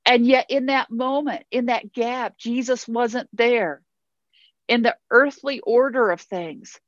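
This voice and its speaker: A woman's voice: a little high, takes it slowly, dry recording, lo-fi sound. A woman pastor preaching a sermon in an earnest way, repeating phrases for emphasis.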